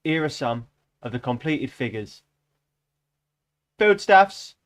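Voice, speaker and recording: A man's voice: medium pitch, normal speed, close to an everyday voice. A man voicing an eager, youthful male telescreen announcer, declaiming in a put-on Russian accent during a dramatic reading. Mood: triumphant.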